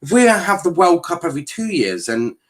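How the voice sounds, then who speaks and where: Lively, sweary man streaming a watchalong. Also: sits high, fairly quick. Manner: animated, sweary, reacts to play and chat messages. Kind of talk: casual live match commentary and chat.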